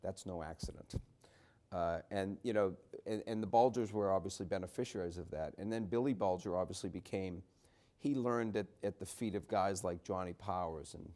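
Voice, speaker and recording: A man's voice: low voice, moderate pace, a little mellow. A middle-aged man from the Boston area, an author speaking at a book talk in a chatty, storytelling way with many restarts and wry asides. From Boston area, USA. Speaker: author and journalist.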